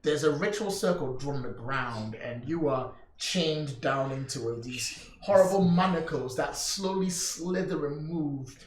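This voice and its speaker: A man running a tabletop role-playing game as game master, narrating scenes in a chatty, lively way. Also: a little high, unhurried, hardly any pauses, reverberant, rough recording. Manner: lively, chatty storytelling with laughs.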